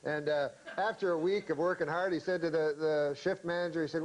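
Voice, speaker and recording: A man guesting on a talk show, telling a long, meandering joke in a deadpan way, full of folksy asides. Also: on the high side, brisk, hardly any pauses, slight background noise, low-quality recording. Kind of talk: rambling shaggy-dog joke telling.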